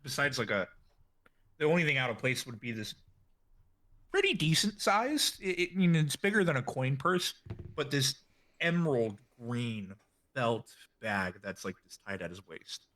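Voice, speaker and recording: A man talks through his character in a tabletop game. His speech is rambling and full of fillers. The pitch is middle but moves around freely. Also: expressive, moderate pace, bright, forceful tone. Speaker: player. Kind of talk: casual in-character play.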